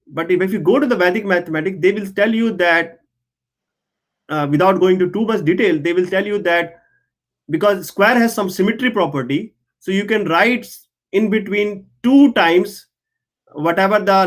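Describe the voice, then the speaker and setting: A man, an engineer and researcher, speaking as an interview guest, explaining things earnestly and often checking in with "right?". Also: high voice. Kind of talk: explanatory conversation.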